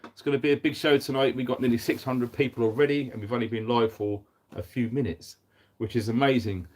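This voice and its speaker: A man's voice: mid-range voice, steady tone, brisk, darkish tone. Upbeat man hosting a live stream. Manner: upbeat, reads out viewer comments. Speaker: livestream host. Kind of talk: casual live-stream chat.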